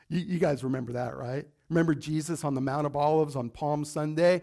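Male pastor, sermon, emphatic, fairly high voice, sudden hushed intensity. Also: fairly even intonation, moderate pace, vocal fry. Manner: emphatic, acts out scripture quotes; drops to a low intense hush on warnings.

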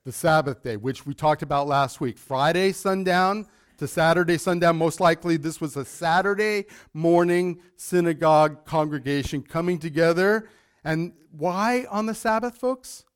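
Male pastor, slightly high voice, lively teaching sermon, quizzes the congregation. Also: normal speed, clean tone. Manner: animated, quizzes the congregation with questions.

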